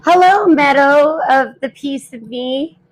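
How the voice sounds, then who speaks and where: Gushing, higher-voiced woman caller. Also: slow pace, rough recording. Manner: gushing, affectionate. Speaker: caller on a live stream. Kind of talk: casual live-stream chat.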